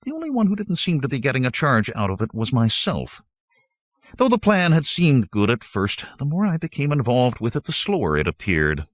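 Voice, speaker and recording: A man narrating a novel in the first person, with wry, lively storytelling. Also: mid-range voice, moderate pace, dry recording. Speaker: audiobook narrator.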